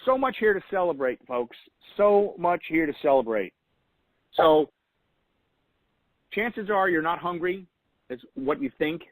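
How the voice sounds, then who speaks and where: A man's voice: on the high side, animated, a little slow, pauses often, no echo, poor audio. A man hosting a weekly call, giving motivational coaching in an earnest way and repeating key phrases for emphasis. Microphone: phone call.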